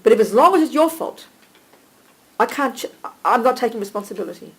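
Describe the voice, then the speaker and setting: A woman teaching a small group live, animated and direct, checking in with listeners by name and calling them darling. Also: on the high side, a little fast, poor audio. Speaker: Buddhist teacher.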